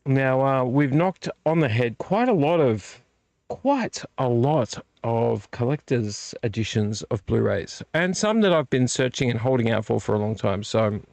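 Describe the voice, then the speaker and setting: Middle-aged male vlog host, sleepy and yawning, chatty ramble with many self-corrections, dry close mic, average pitch. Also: animated, measured pace, creaky, a little mellow, no echo. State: tired, yawning. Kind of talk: casual live-stream chat. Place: home collection room. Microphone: desk microphone.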